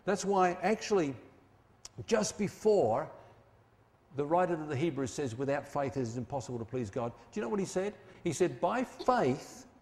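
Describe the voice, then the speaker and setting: A man preaching a sermon, emphatic, slowing down and dropping low on key phrases. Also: sing-song, darkish tone, long reverb tail.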